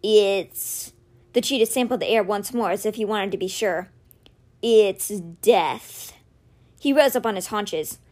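A woman reading a novel aloud with expressive, animated storytelling. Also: mid-range voice, a little fast, hardly any pauses. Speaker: audiobook reader.

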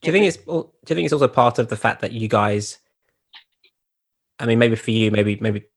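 A man's voice: mid-range voice, animated, brisk, husky. A man co-hosting a casual interview, rambling as he thinks his question through. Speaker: interview host.

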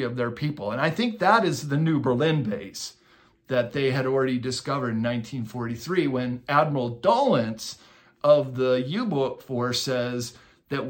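Man, podcast guest, middle pitch, spirited storytelling, punchy emphasis. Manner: animated storyteller, acts out quotes with bursts of emphasis. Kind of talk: storytelling interview talk.

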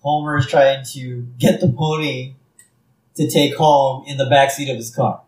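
A man's voice: mid-range voice, fairly even intonation, measured pace, darkish tone. A man co-hosting a podcast, chatting casually about a cartoon episode, laughing often and acting out quoted lines. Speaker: podcast co-host. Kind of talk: casual episode recap chat. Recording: roomy, distant mic.

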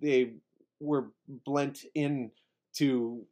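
A man's voice: mid-range voice, steady tone, drawn-out words, dark tone. A man on a comedy podcast, telling rambling stories and laughing often. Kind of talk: casual comedy podcast chat.

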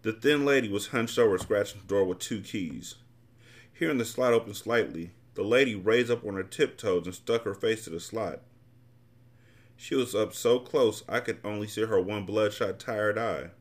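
Low-voiced man reading a novel aloud. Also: moderate pace. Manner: casual, blunt, profane commentary. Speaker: podcast host and reader.

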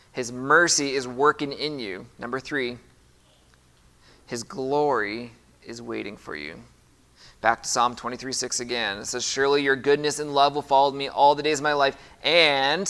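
A man's voice: fairly high pitch, sharp tone. A man preaching a sermon as pastor, reading scripture aloud with emphasis and putting questions to the congregation.

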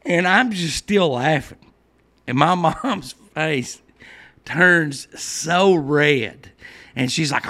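Middle-aged man, podcast host, slightly high voice, rambling casual stories, laughs at his own jokes. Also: lively intonation, a little slow, fairly bright tone. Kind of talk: casual chat.

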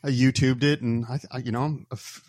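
A man spins a story among friends, lively and self-mocking, voicing his own old frustrations as he goes. His pitch is middle-of-the-road, and the recording is close and dry with no room sound. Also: fast talker, no room sound. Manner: animated, acts out his own past complaints; laughs at himself. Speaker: podcast co-host. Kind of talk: casual storytelling chat.

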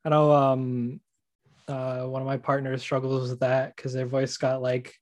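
A man's voice: medium pitch, completely flat delivery. A man co-hosting a casual chat, playful and eager to join in a joke. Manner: playful, quick to join in a bit. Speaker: podcast co-host.

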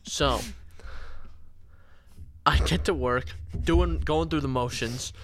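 A man's voice: a little high, slow, a bit bright, a little hiss or hum. A man in his twenties, a podcast co-host, rambling through a drunken casual chat. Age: 20s. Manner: rambling, slurring storyteller.

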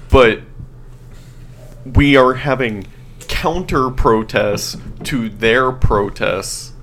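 A man's voice: medium pitch, very slow, fairly bright tone, a little hiss or hum. A young man in casual podcast chat, earnest and blunt, swearing casually.

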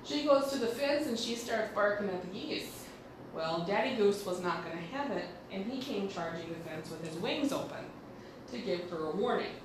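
A woman's voice: medium pitch, animated, normal speed, background noise. Blunt, swearing woman in an echoey room. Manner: blunt, rambling, swears freely. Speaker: podcast host. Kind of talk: casual storytelling monologue. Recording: echoey room with faint ambience.

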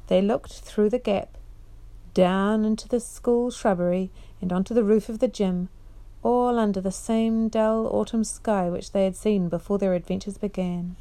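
A woman reads a storybook chapter aloud at bedtime, gentle and measured. Her voice is mellow and warm, at a mid pitch. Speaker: parent reading aloud.

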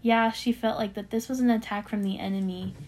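A woman's voice: a little high, brisk. Young woman telling a faith story. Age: young adult. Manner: animated storyteller with many fillers, acting out quoted voices. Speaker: podcast co-host sharing a testimony. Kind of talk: casual faith testimony storytelling.

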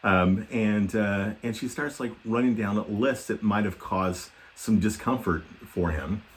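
A man's voice: lowish voice, unhurried. A middle-aged man, a podcast co-host, telling a self-deprecating story in casual chat, rambling with many fillers.

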